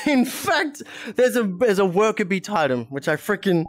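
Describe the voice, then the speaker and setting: In a sing-song, mid-range voice and at a measured pace, this streamer chats away over a headset mic during a VR game. There's plenty of giggling and frequent swearing in the casual live-stream banter.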